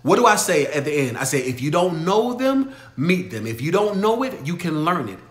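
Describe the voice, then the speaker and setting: A man hosting a motivational livestream Q&A, talking emphatically, swinging from loud exhortation to low storytelling. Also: very animated, normal speed, roomy sound. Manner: emphatic, preachy, shifts from shouting to low storytelling. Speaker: livestream host answering viewer questions.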